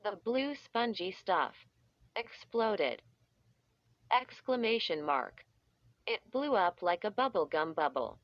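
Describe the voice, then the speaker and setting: A woman narrates a children's story slowly and deliberately, drawing out each sound effect. Her voice sits at a middle pitch, and the recording is dry and a little muffled. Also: sing-song, no room sound. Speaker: audiobook reader. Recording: dull, slightly muffled audio.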